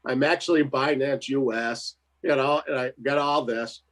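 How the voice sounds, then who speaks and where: A man's voice: medium pitch, fairly even intonation, moderate pace, a bit bright. A man telling a story in casual chat, laughing often and acting out the other voices in it. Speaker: co-host.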